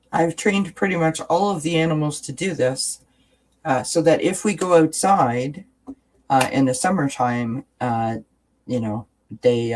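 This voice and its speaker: A woman's voice: low voice, darkish tone, rough recording. A woman hosting a casual live-stream chat about oracle cards, talking in a rambling way with frequent restarts.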